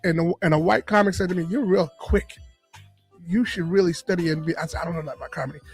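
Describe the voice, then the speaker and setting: High-voiced animated male storyteller. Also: quick pace, breathy edge, faint music behind. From Boston area. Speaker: comedian and radio personality guest. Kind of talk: storytelling interview. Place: podcast studio.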